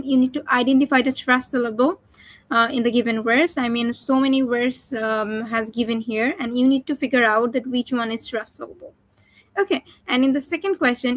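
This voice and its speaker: Instructive woman examiner, slightly high voice. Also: no echo. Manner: clear, instructive, guiding step by step. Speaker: teacher examining a student. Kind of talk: oral exam instructions.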